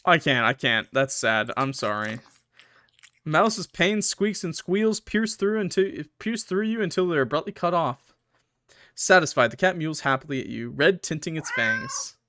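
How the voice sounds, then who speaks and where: A man's voice: on the high side, expressive, measured pace, sharp tone, no room sound. A young man playing a horror game, reading its text aloud with dramatic swings and joking asides. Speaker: gaming YouTuber.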